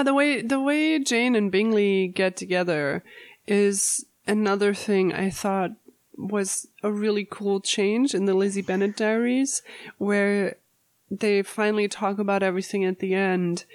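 A woman chatting casually, opinionated and quick to laugh. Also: medium pitch, steady tone. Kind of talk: casual chat about book adaptations.

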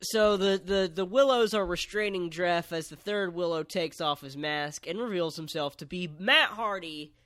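Man, podcast co-host, bright tone, slightly higher voice, casual recap. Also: normal speed, few pauses, dry recording. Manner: relaxed storytelling with fillers. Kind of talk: casual chat recapping wrestling.

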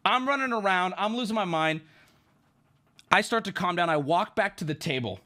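A man streaming, telling an animated story to his chat and friends, shouting at the high points and dropping low to mimic others. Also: moderate pace. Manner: excitable, shouts at the big moments, drops into gruff voices for others.

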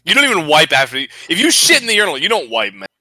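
A young man co-hosting a podcast, animated and crude, swearing freely in casual banter. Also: fairly high pitch, fast talker, no echo. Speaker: podcast co-host.

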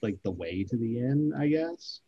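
A man's voice: medium pitch, lively intonation, normal speed, background noise. A man playing a tabletop game, offhand in tone, on muffled lo-fi audio. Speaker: player.

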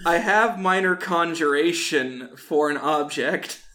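A man plays in a tabletop game and chats casually. He asks his questions in a somewhat hesitant way. His voice sits slightly high. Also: slow pace, sharp tone, slight background noise. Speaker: player. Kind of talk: casual chat.

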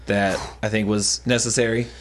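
A man co-hosting a podcast, enthusiastic and quick to agree in casual talk. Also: fairly low pitch, little pitch movement, slight background noise. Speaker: podcast co-host. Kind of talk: casual chat.

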